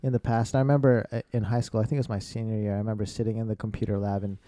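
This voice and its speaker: A man in his thirties hosting a podcast, telling stories in a relaxed, laid-back way and swearing casually. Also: fairly low pitch, very fast, no echo. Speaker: podcast host. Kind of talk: casual chat, storytelling.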